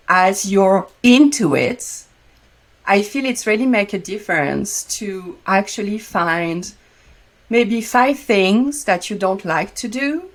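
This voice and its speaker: French-accented woman, chatty intimacy coach. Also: mid-range voice. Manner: frequent fillers, loose phrasing. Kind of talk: casual conversational interview.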